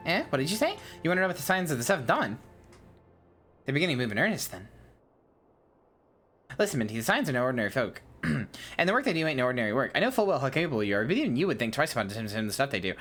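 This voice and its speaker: A woman's voice: very deep voice, very animated, rapid-fire, long pauses, soft background music, full character voice. A woman voicing a brusque, earthy female guild master in a put-on English accent, with blunt, slangy patter. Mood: gruff.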